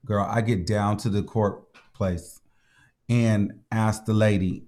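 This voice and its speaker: A man hosting a casual gossip commentary show, telling stories in an animated, profane, dramatic way. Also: lowish voice, slow. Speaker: host.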